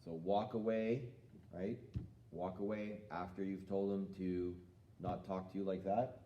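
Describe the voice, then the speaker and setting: A man teaching a children's jiu-jitsu lesson in a calm, patient way, asking the student questions. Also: low voice, unhurried, reverberant, highs cut off, slight background noise. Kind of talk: live-streamed kids' lesson. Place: martial arts school.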